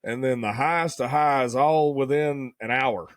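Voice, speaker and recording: A man's voice: medium pitch, unhurried, no room sound. A man, co-hosting a podcast and telling a hunting story in a folksy, casual way. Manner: folksy storyteller, says "buddy" and "dude" a lot. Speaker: podcast co-host.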